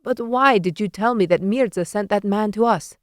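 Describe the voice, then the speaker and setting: A woman's voice: medium pitch, moderate pace, dry recording, clean studio sound, close to an everyday voice. A woman doing a flustered, defensive father. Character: worried, flustered middle-aged father and trainer.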